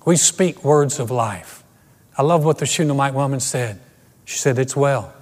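A man's voice: mid-range voice, normal speed, darkish tone, big-room sound. A middle-aged man preaching a sermon as pastor, earnest and emphatic, often restarting his phrases. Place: empty church auditorium.

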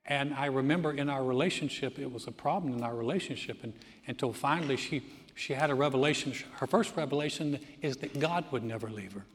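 A man's voice: mid-range voice, brisk. Male pastor, middle-aged, storytelling sermon, funny acted-out voices, long reverb in the sanctuary. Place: church sanctuary.

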